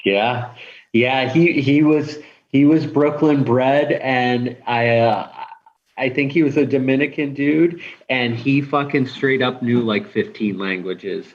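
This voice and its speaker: A middle-aged man speaks as a podcast guest and rambles, stumbling and restarting his sentences. His pitch sits mid-range. The audio is dull and lo-fi. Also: takes it slowly. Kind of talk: casual chat.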